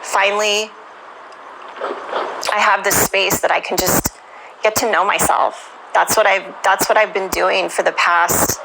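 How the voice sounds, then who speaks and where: A woman's voice: medium pitch, steady tone, measured pace, gravelly, noisy background. A woman telling her life story in an interview, reflective and emotional, with many "you know"s.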